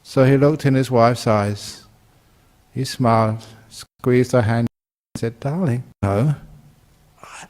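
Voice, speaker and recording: This dharma talk comes from a British Buddhist monk in his sixties, who speaks slowly and pauses often in a medium-pitched voice. He's a lively storyteller who acts out voices and laughs at his own jokes.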